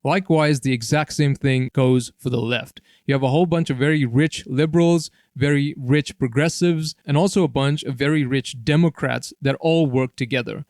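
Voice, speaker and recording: A man's voice: medium pitch, normal speed, hardly any pauses, darkish tone, no room sound, clean studio sound. A man hosting a solo commentary video, explaining in long repetitive lists and often checking in with "all right?". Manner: repetitive, piles up list phrases, tags "all right?". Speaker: political commentary host.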